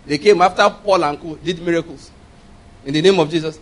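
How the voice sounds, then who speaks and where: A man whose voice sits on the high side and sounds a bit bright preaches briskly. Through emphatic call-and-response, he repeats key phrases and questions the congregation to drive each point home.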